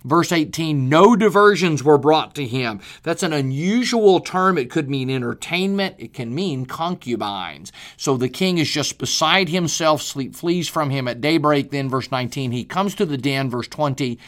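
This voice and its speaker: A man's voice: fairly high pitch, animated, moderate pace, hardly any pauses, a bit bright. An older man, a preacher, giving an earnest daily Bible reading talk and stressing key phrases.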